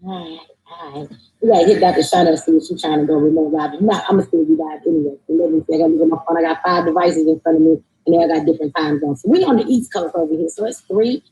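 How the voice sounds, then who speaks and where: A woman's voice: deep voice, rapid-fire, dark tone, slightly rough, poor audio. A woman hosting a casual livestream, loose and joking as she talks, cussing now and then, streaming remotely from a tablet. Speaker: host. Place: remote location.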